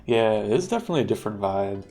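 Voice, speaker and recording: A man's voice: on the low side, fast, soft background music. Laid-back man streaming, swearing casually. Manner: relaxed, laughs often, swears freely. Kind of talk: casual chat while playing a game.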